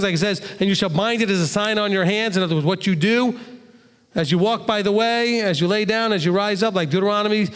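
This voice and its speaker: A man with a high voice gives a conversational Bible teaching, lively and full of rhetorical questions. He acts out little quotes as he explains. His voice carries a long hall reverb.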